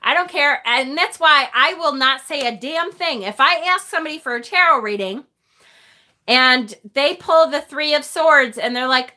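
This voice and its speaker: Chatty woman doing a live tarot stream, high voice, real bright and lively, swears a bit. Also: normal speed. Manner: chatty and animated, with occasional mild swearing. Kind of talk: casual live-stream chat.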